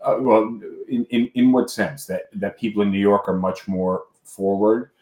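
A man co-hosting a podcast, musing in a low voice as he stops and restarts his thoughts. His words ring in a roomy, echoing space. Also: fairly even intonation, moderate pace, darkish tone. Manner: hesitant, many restarts and fillers. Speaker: podcast co-host. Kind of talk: casual podcast chat. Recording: roomy echo.

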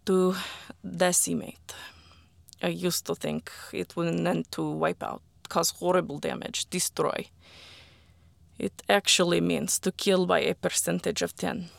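An audiobook reader telling a first-person war story in a quiet, slow, deliberate way that at times drops to a whisper. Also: mid-range voice, flat delivery, creaky, dry recording.

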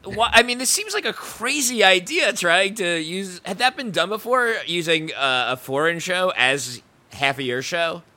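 A man's voice: high-pitched, lively intonation, moderate pace, few pauses, pushed and bright. A man hosting an interview podcast, asking his guests curious, easygoing questions. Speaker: podcast host.

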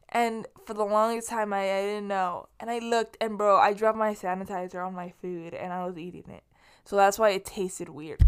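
A woman's voice: medium pitch, normal speed. A young woman from Los Angeles hosting her podcast alone, chatting in a rambling, casual way, swearing freely and restarting often. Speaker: podcast host. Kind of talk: casual solo monologue.

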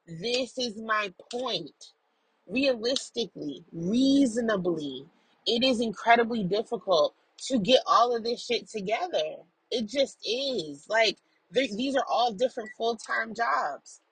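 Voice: mid-range voice, sharp tone, breathy edge, dry recording, rough recording. A person recording a casual audio journal in a car while driving, telling a story in an emphatic, profane way. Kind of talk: casual venting monologue.

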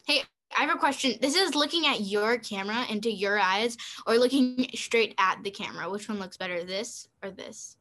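A woman with a high voice chats playfully, giggling and cooing over a pet that climbs on her. The talk is light and loose. Her voice sits well above the usual pitch for a woman. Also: normal speed, few pauses, a bit bright. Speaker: vlog co-host. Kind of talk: casual chat.

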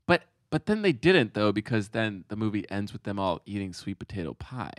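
A man co-hosting a podcast in casual chat, animated and quoting scenes in excited voices. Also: lowish voice, a little fast, no room sound, clean studio sound. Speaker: podcast co-host.

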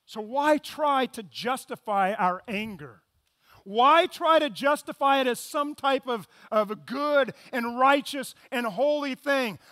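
A man preaching a sermon as pastor, swinging between loud emphasis and hushed, quick asides. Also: high-pitched, dry recording.

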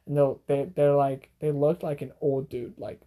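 A man's voice: on the high side, flat delivery, normal speed, dark tone. A young man co-hosting a casual podcast chat, slangy, saying bro a lot and laughing often. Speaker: podcast co-host.

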